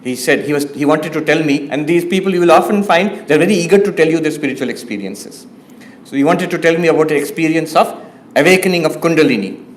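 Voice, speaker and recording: A man, a monk, giving a spiritual lecture, emphatic, often repeating "no, no, no," with soft low asides and loud high stresses. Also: fast talker, slight background noise.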